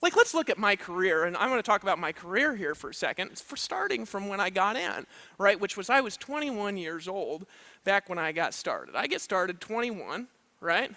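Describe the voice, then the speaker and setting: A man's voice: high voice, very animated, moderate pace, pushed and bright. A man giving a live motivational seminar talk, emphatic and checking in with "right?" and "you know what I mean?". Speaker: motivational speaker. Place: event stage.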